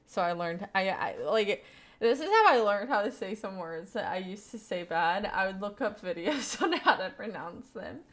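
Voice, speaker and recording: With a medium pitch, an animated tone, and a moderate pace, a young Kentucky woman with a light Southern accent chats with her live-stream viewers, reading their messages and rambling with fillers and laughs.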